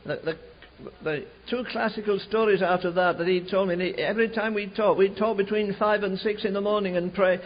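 An older man preaching a storytelling sermon, fervent and building to shouted climaxes, with a husky voice. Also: high voice, fairly even intonation, fairly quick. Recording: dull lo-fi archive recording.

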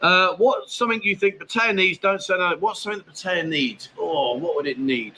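An English man hosting a laid-back livestream, his voice bright and forward with a slightly raised pitch. He talks bluntly and chattily, answering viewers and calling them mate. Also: a little fast, few pauses, slight background noise. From England. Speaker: livestream host. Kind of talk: casual livestream chat answering viewer comments. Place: expat home in Thailand.

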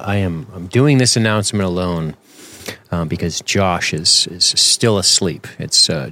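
Man, podcast co-host, casual chat, very low voice, rambling and jokey. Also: fairly bright tone. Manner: rambling, jokey, full of fillers and self-corrections.

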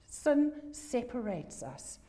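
Emphatic woman preaching, mellow voice. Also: on the high side, big pitch swings, takes it slowly. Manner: emphatic, repeats key phrases. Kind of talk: sermon.

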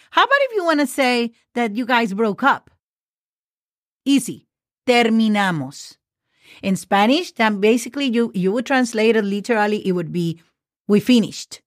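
Female language teacher, chatty and encouraging, spells things out patiently; bone-dry mic, pitch a bit above average. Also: no echo. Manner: chatty, spells words letter by letter with friendly asides. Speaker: Spanish teacher. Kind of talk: casual podcast language lesson.

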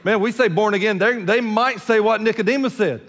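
Older pastor preaching, echoing hall. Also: male voice, sits high, fairly quick, fairly bright tone. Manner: conversational, joking asides, repeats words when starting. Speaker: senior pastor. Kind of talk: sermon. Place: church sanctuary.

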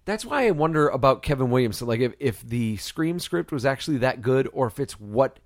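A man co-hosting a podcast, reviewing a movie in casual chat, animated and quick to swear. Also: mid-range voice, no echo, clean studio sound. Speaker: podcast co-host.

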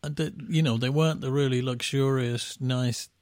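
A man's voice: medium pitch, steady tone, normal speed, a little mellow, no echo, clean studio sound. A middle-aged man from England, a band musician telling rambling anecdotes in casual chat, with restarts and laughs at his own stories.

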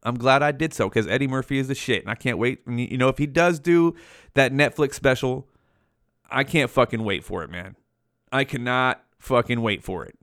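A man's voice: mid-range voice, animated, moderate pace, a bit bright, no room sound, studio quality. A young man hosting a solo podcast from home, rambling casually with heavy swearing and slang. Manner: profane, slangy, rambling with many fillers. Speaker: podcast host. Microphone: headphones and podcast mic.

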